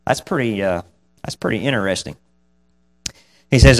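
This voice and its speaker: A man's voice: lowish voice, expressive, moderate pace, pauses often. A man preaches an informal sermon. He reads the old scripture wording, then talks through it in a plain, folksy way and chuckles between points. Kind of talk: casual sermon.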